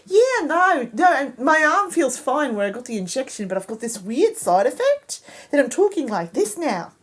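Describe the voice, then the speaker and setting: Brief: jokey Australian impression, high and animated; a woman hamming it. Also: normal speed. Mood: mock puzzled. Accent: Australian (put on). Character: woman talking with a sudden Australian twang.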